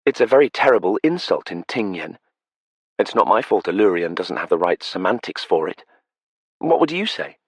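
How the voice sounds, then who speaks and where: A man's voice: big pitch swings, normal speed, husky, dry recording, heavily acted. A man voicing a playful, spirited young vampire noblewoman in an audiobook, lilting and teasing. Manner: lilting, teasing, raised pitch. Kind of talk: audiobook character voice. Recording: dry close studio sound.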